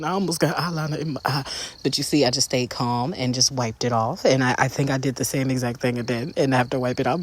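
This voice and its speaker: A makeup creator talking viewers through a step-by-step tutorial in a sassy, playful, chatty way, often jumping up high for flourishes. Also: quick pace.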